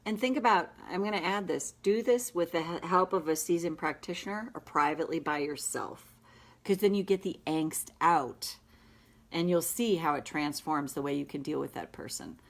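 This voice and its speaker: A woman practitioner guiding listeners through a tapping session with slow, emphatic affirmations. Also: low-pitched.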